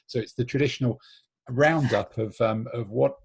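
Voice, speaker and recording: A man's voice: medium pitch, moderate pace, gravelly, noisy background. An English man hosting a casual group conversation, talking in a chatty way with frequent ums and restarts. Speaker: host. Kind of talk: casual group chat on a call.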